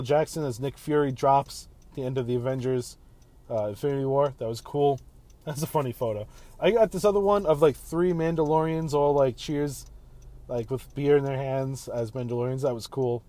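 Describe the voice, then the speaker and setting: A man's voice: medium pitch, normal speed, warm tone, low-quality recording. A man in his thirties hosting a casual solo podcast while driving home, rambling in a laid-back way and swearing freely. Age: 30s. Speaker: podcast host.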